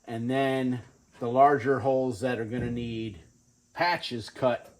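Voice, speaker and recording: A man's voice: mid-range voice, slow pace, low-quality recording. A man casually narrating his truck build in a home garage, offhand and thinking aloud with fillers. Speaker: garage vlogger.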